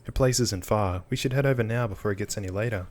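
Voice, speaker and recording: A man's voice: on the low side, fast, darkish tone, lightly acted. A man voicing a blunt, wry young female companion in a dry, casual tone while reading game dialogue aloud.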